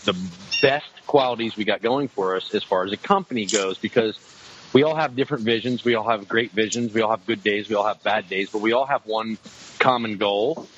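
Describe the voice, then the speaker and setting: A man's voice: fairly low pitch, brisk, fairly bright tone. Rambling man, slightly muffled recording. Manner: rambling, many restarts and fillers. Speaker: guest, outdoor TV show co-host. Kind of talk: casual podcast conversation. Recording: slightly dull lo-fi sound, faint noise.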